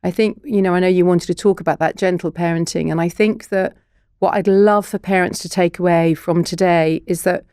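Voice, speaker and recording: A woman's voice: lowish voice, fairly even intonation, brisk, warm tone, clear, resonant tone, no room sound, studio quality. A middle-aged woman, a child therapist and broadcaster, explaining things earnestly as a guest in a podcast interview. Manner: earnest, explanatory, science-minded.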